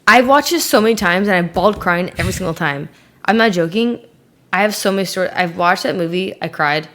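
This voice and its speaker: A woman's voice: lowish voice, fairly quick, fairly bright tone. A woman as an interview guest, chatting casually in a rambling way, with many fillers and little giggles. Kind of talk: casual chat.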